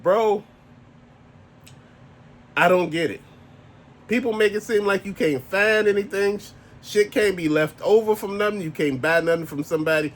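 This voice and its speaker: A man's voice: high-pitched, normal speed, long pauses, a little hiss or hum. A married man ranting casually to camera as a toy collector vlogger, blunt, profane and exasperated. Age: adult, married.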